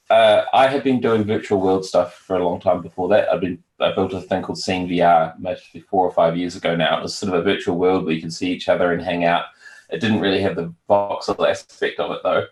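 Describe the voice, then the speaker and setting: Low-voiced New Zealand man, echoey room. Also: fairly quick. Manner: relaxed, hesitant with many fillers. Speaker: guest, virtual world founder. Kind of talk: casual interview chat.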